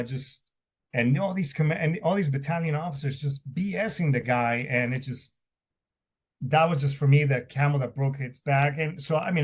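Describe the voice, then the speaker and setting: A middle-aged man, a military veteran, telling his personal story in an interview. He speaks candidly and with raw emotion, often stopping and repeating words. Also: medium pitch. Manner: halting, with many restarts and repeated words.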